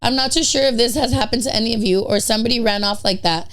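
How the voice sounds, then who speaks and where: A woman's voice: a little high, quick pace, a bit bright. A woman hosting a podcast, telling a story in a chatty way. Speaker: podcast host. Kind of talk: casual chat, reading a prepared story.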